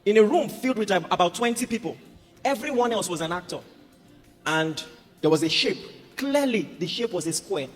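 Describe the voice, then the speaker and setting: A man preaching a sermon as a pastor, animated and humorous. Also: high voice, moderate pace. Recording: reverberant hall with music behind.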